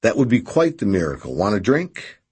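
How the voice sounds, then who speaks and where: A man reading an audiobook, voicing a brisk, bossy young wife in a sharp, scolding manner. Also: lowish voice, wildly swooping pitch, husky, heavily acted. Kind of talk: audiobook character voice.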